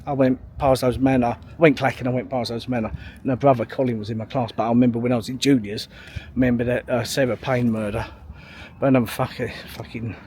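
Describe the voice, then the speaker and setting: A man's voice: mid-range voice, slight background noise. A man, telling a long story in a rambling, sweary way, full of fillers and restarts. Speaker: vlogger. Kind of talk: casual storytelling monologue.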